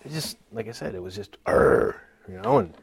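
A man's voice: on the low side, expressive, fast, gravelly, a little mellow, husky, dry recording. A man giving a personal church testimony in casual, earnest speech, laughing nervously now and then. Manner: earnest and emotional, with frequent nervous laughs and many fillers.

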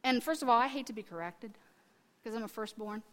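A middle-aged woman preaches with a fairly high voice, telling family stories and animatedly acting out the people in them. Her sermon rings with the long reverb of a large hall. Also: a little fast. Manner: animated storytelling, acting out quotes with restarts.

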